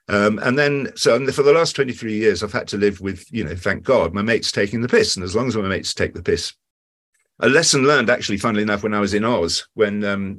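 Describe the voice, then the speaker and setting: A man's voice: on the low side, a bit bright, breathy edge. A man, an actor, chatting in an interview and telling stories with lots of asides and restarts. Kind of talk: casual interview chat.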